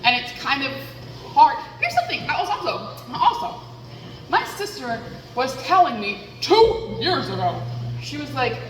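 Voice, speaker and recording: A woman with a fairly high voice talks through a headset in a candid, self-deprecating ramble, thinking out loud. The sound is roomy, with a long reverb tail and a faint hiss underneath. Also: sing-song, measured pace. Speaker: vlogger. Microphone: headset mic.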